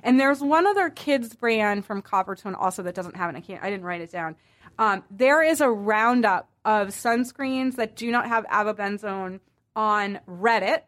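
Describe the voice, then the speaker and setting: A woman's voice: mid-range voice, expressive, normal speed, a bit bright. A woman from the Boston area hosting a podcast in casual chat, rambling with fillers and asides. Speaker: podcast host.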